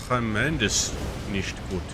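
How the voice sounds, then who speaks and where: A man's voice: fairly low pitch, slow pace. A man doing a blunt mock-German guy. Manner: clipped, blunt, loud exclamations. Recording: steady background noise.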